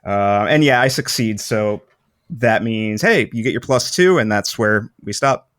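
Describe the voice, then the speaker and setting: A man's voice: lowish voice, animated, unhurried, a bit bright, no room sound, clean studio sound. A man playing a tabletop game, talking in a laid-back way. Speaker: player. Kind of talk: casual tabletop play.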